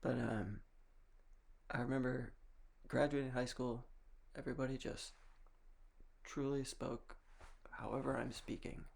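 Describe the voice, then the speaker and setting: Young man from Massachusetts, casual vlogger, rambling and wry, with a gravelly, husky voice. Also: mid-range voice, fairly even intonation, a little slow. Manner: rambling, wry, with frequent restarts and soft laughs. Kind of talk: casual monologue.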